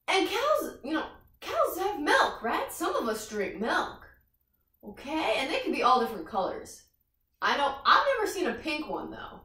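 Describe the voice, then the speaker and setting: A woman's voice: sits high, bright, forceful tone, roomy sound, recorded from a distance. Sing-song woman leading kids' yoga. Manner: cheerful, sing-song, talks to young children. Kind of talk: guided kids' yoga class.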